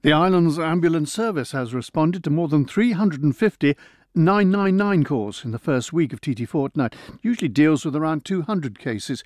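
A man's voice: fairly high pitch, lively intonation, normal speed, a little mellow, no room sound, studio quality. Chatty male radio newsreader. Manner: chatty asides between news items. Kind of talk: radio news and banter.

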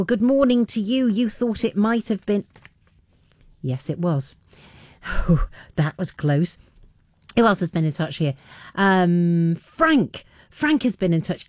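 A middle-aged woman presenting a radio quiz, chatting warmly with listeners and laughing often as she reads their messages in the studio. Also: on the low side, dry recording. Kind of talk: radio phone-in quiz chat. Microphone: studio microphone.

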